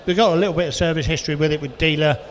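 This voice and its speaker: Male auctioneer, fairly high voice, rattles off bids with chatty asides, reverberant hall with faint background noise. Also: steady tone. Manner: rapid bid calling with chatty asides. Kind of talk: live auction calling.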